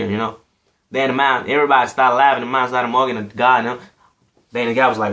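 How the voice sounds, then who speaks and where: A man's voice: medium pitch, flat delivery, fairly quick, a bit bright. A man from Africa giving a casual, emphatic opinion monologue, repeating himself and saying "you know" often. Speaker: vlogger.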